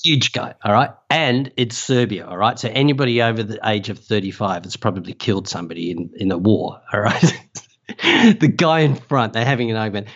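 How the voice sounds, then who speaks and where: Lively Australian man telling a story. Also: on the low side, fairly quick, highs cut off. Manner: animated storyteller, laughing often. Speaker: travel safety writer. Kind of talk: casual anecdote.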